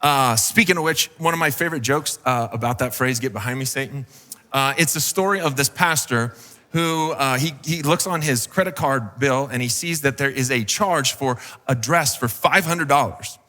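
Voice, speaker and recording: A man's voice: mid-range voice, moderate pace, sharp tone, long reverb tail. A man preaching a sermon as a pastor, in a casual, joking, conversational way. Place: church sanctuary.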